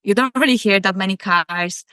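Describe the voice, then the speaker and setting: Polish accent woman on a podcast, bright voice, dry close sound, chatty and friendly. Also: mid-range voice, moderate pace, dry recording. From Poland. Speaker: podcast guest. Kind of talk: casual chat.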